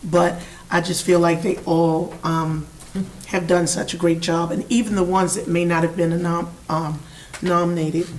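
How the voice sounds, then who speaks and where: A hoarse woman speaking as a board member at a meeting, halting and full of fillers. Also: on the low side, far from the mic, slight background noise, low-quality recording. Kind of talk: meeting remarks.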